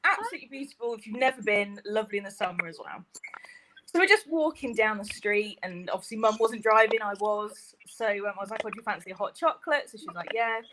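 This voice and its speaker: A woman on a video call telling a story in a lively, laughing way. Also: medium pitch, quick pace, noisy background. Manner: animated, laughs while telling stories. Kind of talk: casual storytelling.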